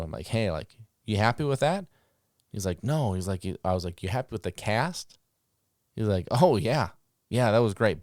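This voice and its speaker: A man's voice: deep voice, dry recording, clean studio sound. A man hosting a podcast, casually telling dog-training stories and acting out the commands he called out. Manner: animated, acts out commands and reactions.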